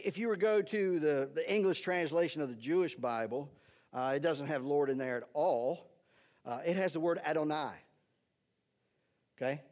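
A man's voice: on the high side, darkish tone. A man, a pastor, giving a sermon in a conversational teaching style and often checking in with "right?". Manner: conversational, keeps asking "right?"; talks to the slide operator between points. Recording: dull lo-fi sound.

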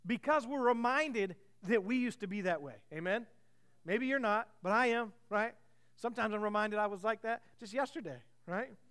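High-voiced preaching man. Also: normal speed, a bit bright, clear, resonant tone. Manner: preaching with frequent rhetorical questions to the congregation; reads scripture aloud with emphasis. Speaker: pastor. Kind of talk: sermon.

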